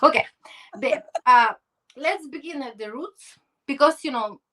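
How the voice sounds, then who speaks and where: A woman's voice: high voice, measured pace, heavy background noise. A woman hosting a podcast interview over a video call, effusive and encouraging. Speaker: podcast host.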